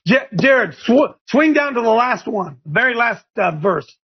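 A man hosting a Bible discussion, preaching emphatically, shouting verses and firing rhetorical questions. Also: extremely high pitch, lively intonation, normal speed, slightly rough, muffled recording. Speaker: host leading a Bible discussion. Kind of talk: fiery preaching-style Bible talk.

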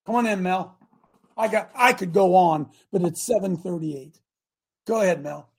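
An older man hosting a talk show, preaching in an impassioned, repetitive way full of rhetorical questions, with a raspy voice. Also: high-pitched, moderate pace. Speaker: host.

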